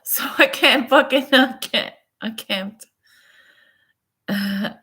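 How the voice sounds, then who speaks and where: A woman's voice: a little high, takes it slowly, pushed and bright, breathy edge. A woman vlogging in casual, rambling chat, swearing freely and laughing often.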